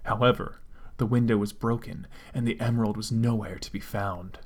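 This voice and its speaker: A man dramatically reading fan fiction aloud, with deadpan asides. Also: lowish voice, moderate pace. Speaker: comedic fanfic reader.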